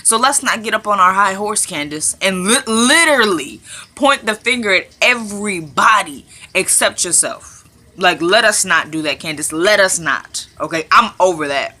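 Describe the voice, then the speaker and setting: Woman vlogger, very bright tone, mid pitch, chatty casual recapper who repeats lines for emphasis. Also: animated, normal speed.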